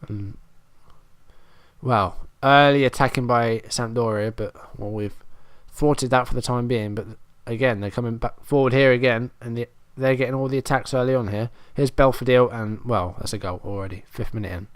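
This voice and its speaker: A man doing casual let's-play commentary over a football management game, at a middling pitch. He mutters his way through the play-by-play and keeps sounding exasperated and self-deprecating about how badly his team is doing. The recording is close and dry, with no room sound. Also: normal speed, clear, resonant tone, dry recording. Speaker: gaming commentator.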